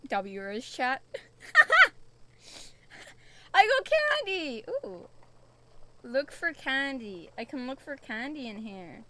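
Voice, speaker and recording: A woman's voice: a little high, big pitch swings, takes it slowly, long pauses, bright, forceful tone, slight background noise. A young woman from the UK streaming a spooky VR game, chatty and jumpy, swearing often as she reacts. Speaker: VTuber streamer.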